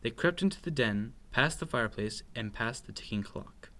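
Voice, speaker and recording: A man reading a children's bedtime story aloud with expressive, sing-song narration. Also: medium pitch, moderate pace.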